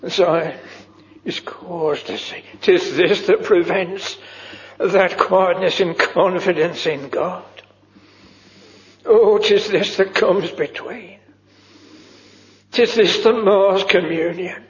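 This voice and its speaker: Slow solemn preacher man, echoing church. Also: high-pitched. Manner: slow, solemn, dropping to hushed whispers. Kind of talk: old-fashioned sermon. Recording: muffled old church recording with long reverb.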